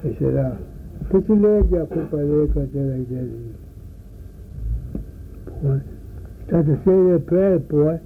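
A man's voice: a little high, slow pace, long pauses, dark tone, slight background noise, rough recording. An older man, telling folksy stories in a rambling way for an oral history interview. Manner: rambling, folksy, acts out voices in his stories.

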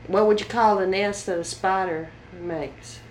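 A woman interviewer asking slow, prompting questions about local words. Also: mid-range voice, steady tone. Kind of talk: dialect survey interview. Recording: echoey room, light noise.

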